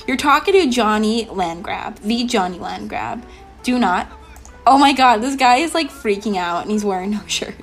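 A bubbly young woman gives let's play commentary, gushing and rambling with plenty of "like" and "um". Her voice sits a little high. Light music plays under her talk. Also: moderate pace. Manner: bubbly, excitable, lots of "like" and "um". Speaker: gaming channel host.

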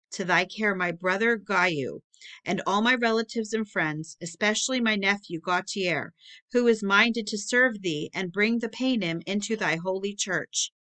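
A woman's voice: medium pitch, pushed and bright. A woman reading the lines of a pious, mournful medieval knight who prays and laments in archaic speech.

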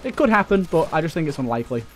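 A man's voice: fairly high pitch, big pitch swings, very fast, soft background music. A young man giving casual let's play commentary, chatty and jokey, swearing and talking to enemies as he plays.

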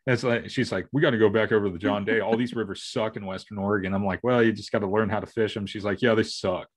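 A man's voice: lowish voice, steady tone, fast. A middle-aged man co-hosting a podcast, chatting casually in a rambling way with many restarts and acted-out family quotes. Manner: rambling, restarting, acting out family members' lines. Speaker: podcast co-host. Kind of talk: casual chat.

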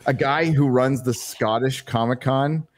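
A man's voice: mid-range voice, a little slow. A man co-hosting a casual panel show, reading out donation messages and chatting, swearing and laughing often. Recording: noisy livestream audio.

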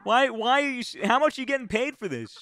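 A man's voice: extremely high pitch, lively intonation, quick pace, pushed and bright. A man hosting a casual game chat, teasing and needling another player and swearing freely. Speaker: YouTuber host.

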